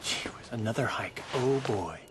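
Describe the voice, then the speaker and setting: An actor playing a whiny, cowardly comic sidekick with a theatrical manner. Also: male voice, mid-range voice, expressive, moderate pace, heavy background noise, lightly acted.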